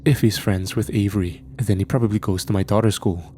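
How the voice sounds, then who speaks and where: Dark-voiced man narrating a horror story. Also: lowish voice, fairly even intonation, a little fast, hardly any pauses.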